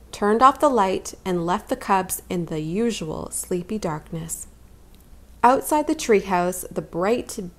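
Slow, gentle woman reading to children. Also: medium pitch. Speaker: children's story reader. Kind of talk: read-aloud storytelling.

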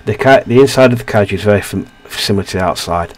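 A man with a somewhat low voice reads a narrative game aloud for his let's play. He stumbles over words and restarts phrases, with casual asides. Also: quick pace.

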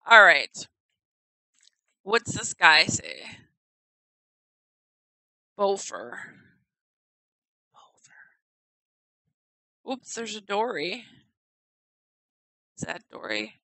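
A woman's voice: medium pitch, sing-song, very slow, pauses often, sharp tone, no room sound, poor audio. A woman giggling and thinking aloud in casual commentary as she tours a house in a game. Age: adult. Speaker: gamer touring a player-built house.

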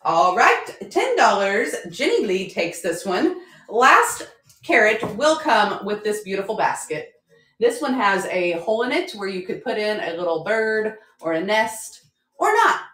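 A woman's voice: mid-range voice, big pitch swings, a little slow, fairly bright tone, soft background music. Chatty woman running a live auction. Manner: chatty, upbeat, jokey. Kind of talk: live selling stream. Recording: roomy echo.

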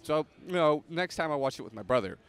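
A man guesting on a podcast, telling stories in a lively, casual way with quick restarts. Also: on the high side, gravelly, clean tone. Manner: animated storyteller, fast restarts. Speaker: podcast guest, prop maker. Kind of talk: casual chat.

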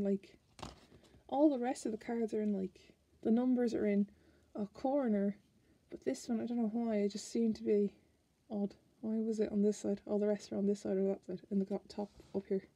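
A woman's voice: medium pitch, warm tone, slightly rough. An Irish woman chatting casually as she flips through a card deck, musing aloud and restarting her sentences. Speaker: tarot card reviewer.

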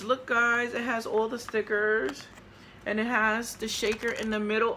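A chatty woman with a New York accent talks to her viewers while opening mail, gushing over each card. Her voice is bright and forward. A faint background hum sits under it. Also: on the high side, steady tone, normal speed. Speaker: vlogger. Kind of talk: casual mail-opening vlog.

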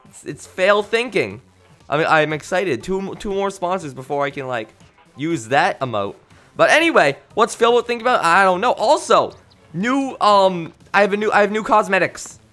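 A young man streaming a video game, talking in an excitable, jokey, rambling way with many restarts. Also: high-pitched, normal speed, faint music behind. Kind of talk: live stream commentary.

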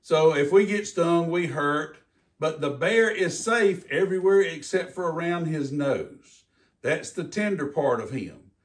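A man's voice: a little high, a little slow, recorded from a distance. Folksy older man, heard from afar. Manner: folksy, animated storytelling. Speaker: retired game warden. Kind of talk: educational talk for kids.

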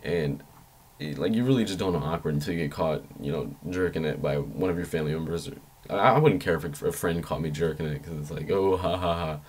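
A young man vlogging a story in a loose, rambling way, swearing freely and jumping up high when he quotes his own panicked thoughts. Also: fast, slightly rough. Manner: rambling, excitable, swears freely, jumps into high squeaky voice when quoting himself. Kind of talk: casual storytelling vlog.

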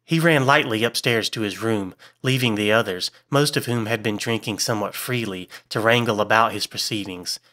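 A man giving a measured, scripted narration of a horror story as an audiobook reader. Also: on the low side, bright, forceful tone.

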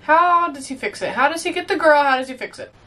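A woman's voice: high voice, animated, fast talker, sharp tone, slight background noise. A woman in her twenties giving a chatty, exclamatory reaction to a movie as she watches. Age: 20s. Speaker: reaction video host. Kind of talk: casual movie reaction commentary.

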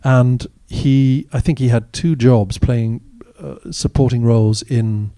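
A man's voice: medium pitch, steady tone, slow, mellow, dry recording, clean studio sound. A man, an actor as guest, telling candid, wry anecdotes in a live audience Q&A at a cinema. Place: cinema stage after a screening.

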